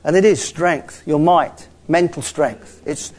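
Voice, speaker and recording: Animated man preaching. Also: fairly high pitch, slow, few pauses. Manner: animated, swings between quiet asides and rising exclamations. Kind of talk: sermon.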